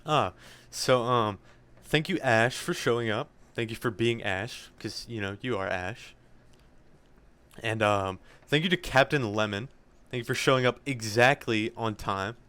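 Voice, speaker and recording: Young guy cohosting a podcast, smooth clear voice, goofy rambling thank yous. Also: medium pitch, a little slow, bright, forceful tone. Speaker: podcast co-host. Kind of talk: casual chat, listener shout-outs.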